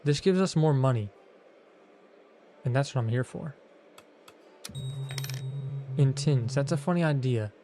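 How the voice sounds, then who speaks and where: A man's voice: medium pitch, a little slow, pauses often, mellow. A man streaming a game, joking around in slangy, playful commentary. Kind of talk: gaming commentary.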